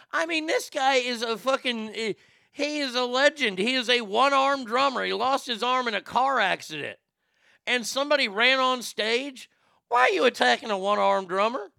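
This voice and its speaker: A man's voice: extremely high pitch, gravelly, bright, forceful tone, clean tone, no room sound, clean studio sound. A man hosting a casual talk show, blunt and rambling, swearing freely. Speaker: show host.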